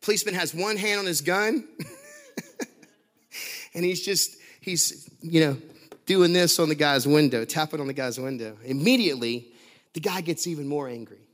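Male preacher, slightly high voice, animated storyteller who laughs and restarts a lot. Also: moderate pace, long pauses. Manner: animated, laughing often, many restarts and fillers. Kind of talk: sermon with storytelling.

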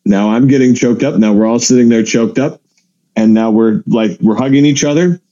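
A man's voice: mid-range voice, normal speed, muffled recording. A male comedian telling stories in casual podcast talk, acting out the lines of other people. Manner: animated storyteller who acts out other people's lines.

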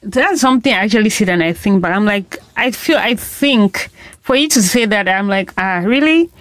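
A woman co-hosting a casual chat, supportive and quick to agree and laugh. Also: mid-range voice, dry recording. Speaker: podcast co-host.

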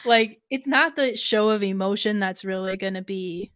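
A woman's voice: medium pitch, normal speed, fairly bright tone, no room sound. A woman co-hosting a show recap, chatty and laughing often, with many fillers. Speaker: podcast co-host. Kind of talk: casual recap chat.

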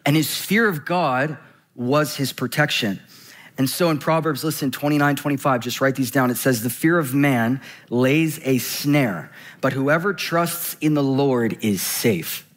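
A man preaching a sermon in a conversational, animated way, slowing down to read scripture and speeding up for quick asides. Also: medium pitch. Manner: animated, swings between slow scripture reading and quick asides; conversational, frequent "right?" and "like".

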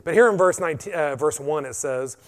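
A man preaching a sermon, animated and punctuated with frequent amens. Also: a little high, a little fast. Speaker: pastor.

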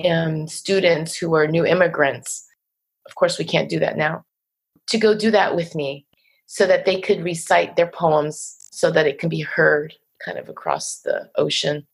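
Woman guest, New Jersey accent, husky with gravel in it, slow and reflective, fairly low voice. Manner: unhurried, thoughtful, laughs softly. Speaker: poet and teacher, interview guest. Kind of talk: reflective interview conversation.

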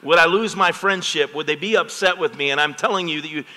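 A middle-aged pastor preaches a sermon in a church sanctuary, speaking quickly in a bright, forceful voice a bit higher than most men's. He keeps drawing the congregation in with call-and-response asides, and the sound echoes with long reverb from the hall.

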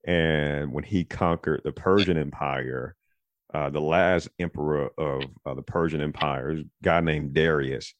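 A man hosting a podcast in casual chat, rambling and digressive as he thinks out loud. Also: very deep voice, steady tone, measured pace, dry recording. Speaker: podcast host.

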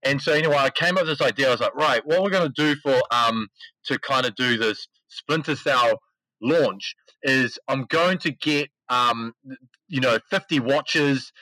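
At a moderate pace and medium pitch, the podcast guest, an esports CEO, recounts a story in relaxed slang, acting out the quotes with animation. The recording has no echo but is rough.

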